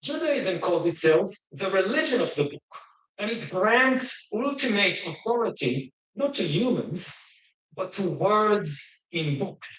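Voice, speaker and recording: A man speaking slowly in a played clip, lecturing about religions and books. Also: sits high, very animated, a bit bright, roomy sound, low-quality recording.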